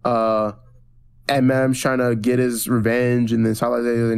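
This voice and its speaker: A man in the middle of a casual podcast chat, talking through a TV episode at a mid pitch. He rambles, restarts his sentences, and drops into quick quoted lines from the show. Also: little pitch movement, a little mellow, clean tone. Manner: rambling recaps with many restarts and acted-out quotes. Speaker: podcast co-host.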